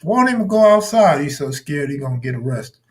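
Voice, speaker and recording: A man's voice: fairly high pitch, sing-song, a little fast. Blunt, profane man riffing on a live stream. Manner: blunt, profane, talks back to chat viewers. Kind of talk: casual live stream commentary.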